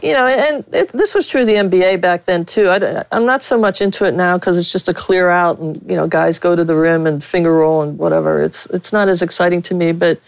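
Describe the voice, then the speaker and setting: A woman's voice: on the low side, a little fast, vocal fry, hardly any pauses, no echo, poor audio. A middle-aged woman from Pittsburgh, a veteran sportswriter, telling frank stories with a blunt, candid manner as an interview guest.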